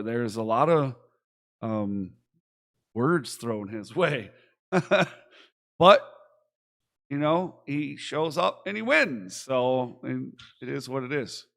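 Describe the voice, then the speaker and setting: A young man from Michigan co-hosting a casual podcast, rambling excitedly and swearing freely. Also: mid-range voice, slow, creaky, long pauses. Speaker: podcast co-host. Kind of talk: casual chat.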